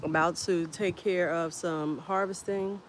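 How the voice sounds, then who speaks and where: A woman hosting a casual homestead live stream outdoors, chatting in an unhurried way and greeting viewers by name. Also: fairly low pitch, steady tone. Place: outdoors in a windy garden. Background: faint wind and outdoor ambience.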